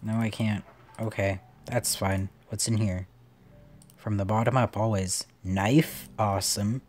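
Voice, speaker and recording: A man's voice: lowish voice, steady tone, a little slow, darkish tone. A man giving playful let's play commentary on a puzzle game, swearing casually and chatting to the characters on screen. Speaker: gamer playing a puzzle game.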